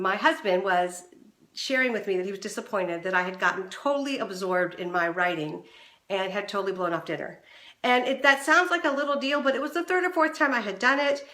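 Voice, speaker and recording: A middle-aged woman hosting a relationship advice show, talking straight to the viewer and acting out the voices she quotes. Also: reverberant. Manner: animated, acts out quoted voices with big pitch swings. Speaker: relationship coach and show host. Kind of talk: direct-to-camera advice talk.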